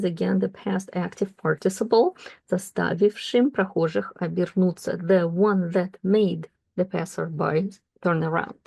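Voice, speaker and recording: A woman works through a book, reading passages aloud and explaining them with careful asides. Her voice sits low and mellow, with a gravelly fry on it. She pauses and corrects herself as she goes. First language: Russian. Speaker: Russian language teacher.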